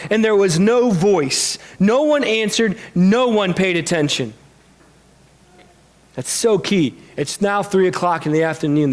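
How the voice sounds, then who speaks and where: A man preaching a sermon as pastor, telling a Bible story in a lively, animated way and acting out the characters' lines. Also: high-pitched. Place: church sanctuary.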